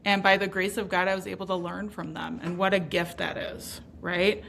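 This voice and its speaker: Bright-voiced woman telling her story emphatically. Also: on the low side, moderate pace, creaky, slight background noise. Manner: emphatic, animated, swears casually. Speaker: podcast guest. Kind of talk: candid interview storytelling.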